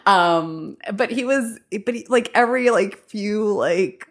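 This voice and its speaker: A woman's voice: mid-range voice, slow pace. A woman in her thirties, a romance author and podcast guest, telling a dating story in casual chat, giggling often and acting out the others in the story. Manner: giggly, animated, quotes others in raised voice.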